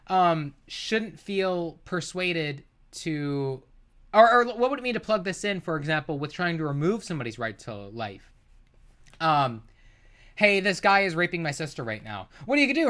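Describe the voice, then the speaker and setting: Streamer, reaction commentary, swearing, exasperated, sudden loud sarcastic bursts. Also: mid-range voice. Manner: profane, exasperated ranting. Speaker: streamer reviewing a debate.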